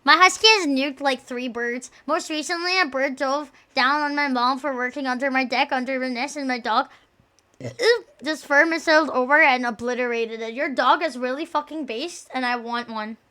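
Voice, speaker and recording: A young adult woman streaming and chatting casually, loud, crude and joking, swearing often. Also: high-pitched, moderate pace.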